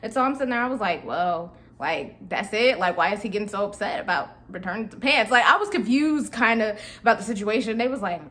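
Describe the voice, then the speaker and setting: A woman's voice: mid-range voice, lively intonation, fairly quick, few pauses, fairly bright tone. A young woman vlogger telling a casual storytime, chatty and slangy, talking straight to her viewers.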